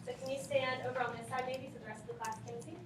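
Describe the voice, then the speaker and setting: A woman's voice: high voice, steady tone, fast talker, very noisy. A woman teaching a class, reading and questioning her students, prompting them for answers. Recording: echoey classroom from far off.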